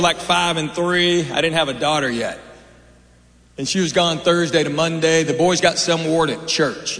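This middle-aged man's voice sits on the high side with a slightly bright quality. He's doing stand-up in a large hall, spinning dry, conversational anecdotes with asides to the crowd, captured with roomy reverb and a little background noise.

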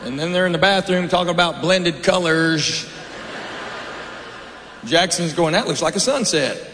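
Comedian on stage, echoey hall. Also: male voice, on the high side, lively intonation, unhurried, fairly bright tone. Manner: dry, conversational storytelling with asides to the crowd. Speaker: stand-up comedian. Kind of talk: stand-up comedy set. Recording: roomy hall reverb, faint noise.

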